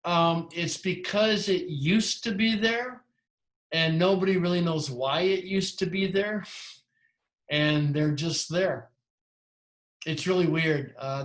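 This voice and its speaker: A man's voice: on the high side, a bit bright, roomy sound. A man teaching a language class, explaining at length with frequent restarts and self-corrections. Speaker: Greek teacher. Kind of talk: lecturing in a class.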